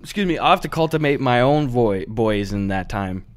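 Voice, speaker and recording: A young man co-hosting a casual podcast, trading dry, deadpan replies with his partner. His voice sits at a plain middle pitch. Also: moderate pace. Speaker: podcast co-host. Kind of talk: casual chat.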